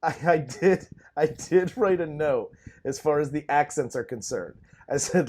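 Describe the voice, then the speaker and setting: Enthusiastic man with a higher voice. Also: measured pace, darkish tone, husky. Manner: enthusiastic, laughing, profane. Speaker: podcast co-host. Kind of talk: casual movie review chat.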